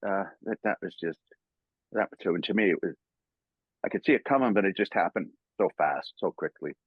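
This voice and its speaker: A man's voice: low voice, moderate pace, breathy edge, no room sound, dull audio. An older man, a voice actor, telling casual stories in an interview, chuckling often and acting out voices. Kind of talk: casual anecdotal storytelling.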